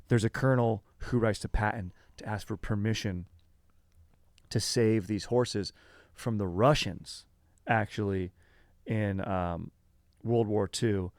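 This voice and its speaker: Low-pitched man, gravelly fry, casual podcast host, rambling with fillers, slangy, dry close sound. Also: slow pace, long pauses, dry recording. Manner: rambling, filler-heavy, slangy, says dude and bro. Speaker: podcast host telling a history story. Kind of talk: casual conversational storytelling.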